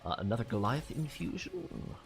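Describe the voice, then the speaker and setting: Wildly animated swearing gamer man. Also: mid-range voice, moderate pace. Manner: frustrated, swears often, laughs at his own mistakes. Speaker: gamer playing a card game. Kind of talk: casual let's-play commentary.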